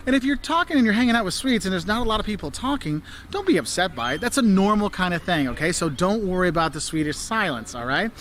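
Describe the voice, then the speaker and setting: High-voiced enthusiastic man giving travel tips. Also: very animated, fast talker, few pauses, fairly bright tone, slight background noise. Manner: enthusiastic, laughs often, does mock voices. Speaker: travel video host. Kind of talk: travel advice vlog.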